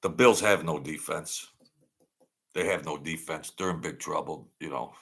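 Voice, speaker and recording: A man's voice: rumbling low, normal speed, gravelly, a bit bright, husky. A middle-aged man hosting a late-night hangout stream, rambling in a mocking tone and repeating himself. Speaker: channel host.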